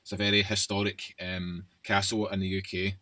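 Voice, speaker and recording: A man's voice: deep voice, flat delivery, moderate pace, sharp tone, no echo. A man with a Scottish accent, co-hosting a podcast from a studio office, talking easily with restarts. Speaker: podcast co-host. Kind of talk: conversational chat.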